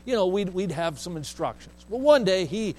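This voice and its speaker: A man's voice: high voice, very animated, moderate pace, a little mellow, low-quality recording. A man preaching, telling a family story in a folksy way and acting out the voices of the people he quotes. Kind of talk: storytelling sermon.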